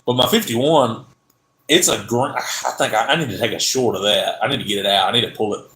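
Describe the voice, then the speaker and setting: Hosting a casual car-channel livestream in an echoey room, a man with a Southern US accent speaks briskly at medium pitch with a slightly bright tone. He rambles and trails off mid-sentence.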